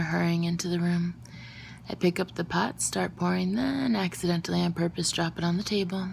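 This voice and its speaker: A woman reading a first-person novel aloud into a phone, her narration soft and often half-whispered. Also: lowish voice, gravelly, a little hiss or hum. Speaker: audiobook reader.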